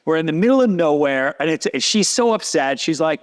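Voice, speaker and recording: A man, a podcast guest telling a long story in a lively casual way and acting out what others said. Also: a little high, brisk, few pauses. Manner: animated, acts out quoted voices.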